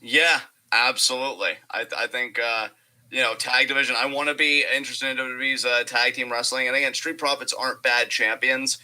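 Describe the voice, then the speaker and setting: A man's voice: mid-range voice, steady tone, brisk, pushed and bright, poor audio. A young man co-hosting a casual wrestling chat, talking hesitantly with lots of fillers and some swearing. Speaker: co-host.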